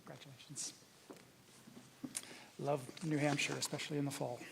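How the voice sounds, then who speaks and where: A middle-aged man announcing graduates' names at a university ceremony, reading them at a steady rhythm with light joking asides. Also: a little high, normal speed, creaky. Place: university performing arts hall. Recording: noisy recording of a ceremony hall.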